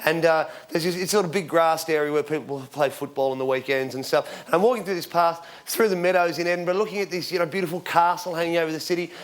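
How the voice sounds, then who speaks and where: A man's voice: on the high side, fast, few pauses. Australian man in his forties, stand-up. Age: 40s. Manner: rambling deadpan storytelling with sudden shouted punchlines. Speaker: stand-up comedian. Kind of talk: stand-up comedy. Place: theatre stage with live audience. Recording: live show with loud crowd laughter.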